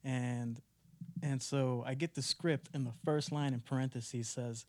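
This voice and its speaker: Animated storytelling young man, dry close mic. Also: mid-range voice, a little slow, dry recording. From United States. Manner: animated storytelling, acts out his own past thoughts. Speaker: podcast guest, actor and musician. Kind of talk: casual podcast chat.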